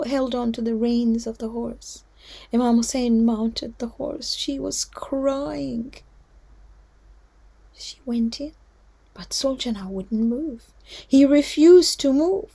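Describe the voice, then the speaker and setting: A woman telling a devotional story to children, heartfelt and often dropping into a hushed whisper. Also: on the high side, steady tone, measured pace, vocal fry. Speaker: storyteller at a children's religious gathering.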